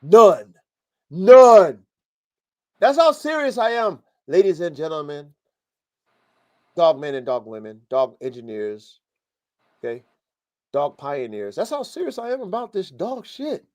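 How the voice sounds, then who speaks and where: A man's voice: a little high, huge pitch swings, unhurried, long pauses, darkish tone. A man hosting a live podcast, coaching dog breeders in a blunt, profane, fired-up way. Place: home studio, live stream.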